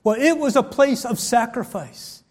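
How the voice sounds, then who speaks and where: A male preacher with a high-pitched voice delivers a sermon. He reads old-fashioned scripture passages aloud and shifts between loud, emphatic calls and quiet, hushed lines. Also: lively intonation, measured pace. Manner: reads scripture aloud in King James wording.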